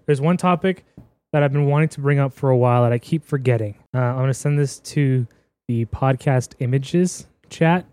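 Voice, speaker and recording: A man's voice: medium pitch, moderate pace, warm tone, clear, resonant tone, dry recording. A young man co-hosting a podcast, laid-back and casual with slangy chat. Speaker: podcast co-host.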